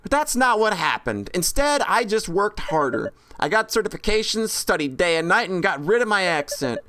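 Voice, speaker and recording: A woman's voice: mid-range voice, sing-song, moderate pace, fairly bright tone. A woman reading a stern lecturing game dad. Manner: lecturing, matter-of-fact. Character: stern immigrant dad lecturing his kids. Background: game music.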